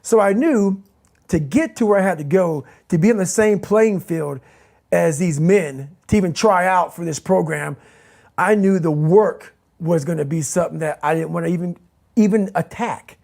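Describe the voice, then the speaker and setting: A man's voice: high voice, moderate pace, creaky, darkish tone. Intense man repeating his points. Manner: intense, emphatic, repeats key phrases. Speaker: interview guest. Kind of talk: motivational interview talk.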